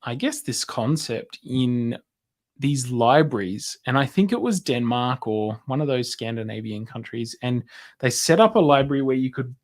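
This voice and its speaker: A man co-hosting a casual faith podcast, telling stories in a relaxed way with fillers. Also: mid-range voice, normal speed. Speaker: podcast co-host. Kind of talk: casual chat.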